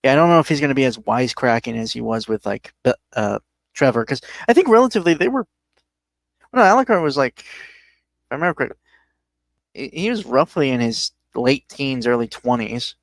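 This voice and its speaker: A man's voice: mid-range voice, lively intonation, brisk, gravelly, dry recording. A man co-hosting a podcast in casual chat, with a teasing, hesitant way of talking. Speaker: podcast co-host.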